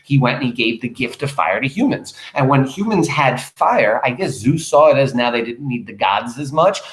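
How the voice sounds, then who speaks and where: A man's voice: mid-range voice, roomy sound. A man teaching a class, reading a play aloud and stopping to explain it with questions for his students. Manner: animated, questioning, pauses to explain.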